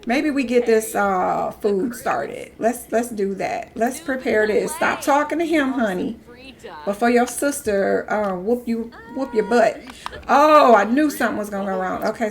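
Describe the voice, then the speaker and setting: A woman's voice: medium pitch, unhurried, vocal fry. A young woman chatting casually while live-streaming a game, talking back to the characters on screen.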